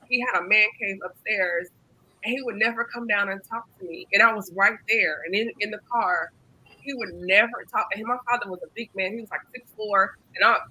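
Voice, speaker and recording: A woman's voice: medium pitch, pushed and bright, slightly rough, low-quality recording. A woman hosting a panel discussion, earnestly telling a personal story with frequent ums and restarts. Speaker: host and facilitator.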